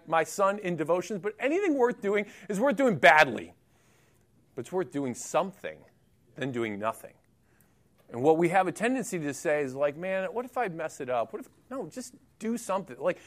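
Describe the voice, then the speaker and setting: A middle-aged man preaching a sermon in a relaxed, conversational way, with jokey asides and lively emphasis. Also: high voice. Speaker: pastor.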